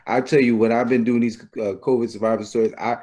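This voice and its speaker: A man's voice: medium pitch, little pitch movement, fast, dark tone. A man interviewing a guest, speaking earnestly and reflectively in loose casual phrasing. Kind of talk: conversational interview.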